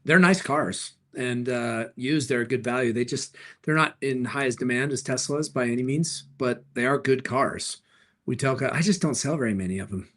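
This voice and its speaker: A man's voice: mid-range voice, fairly bright tone. A middle-aged man hosting a live stream, answering viewer questions in an upbeat, joking way. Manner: upbeat, jokey, quick replies to chat. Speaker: livestream host and car dealer.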